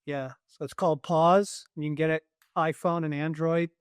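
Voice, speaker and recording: A man speaking as a podcast guest, his voice sitting a little high for a man. He sounds upbeat and keen to share, and the recording is dry and close with no room sound. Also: steady tone, moderate pace, clear, resonant tone, no room sound. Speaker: guest author. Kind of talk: casual podcast conversation.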